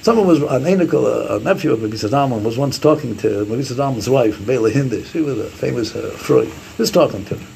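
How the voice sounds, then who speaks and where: A man's voice: medium pitch, fairly quick, creaky, hardly any pauses, a little hiss or hum. A man giving a Torah class, quoting Hebrew sources and acting out the sayings as he explains them. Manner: animated, quotes Hebrew sources and acts out sayings. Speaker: Torah teacher.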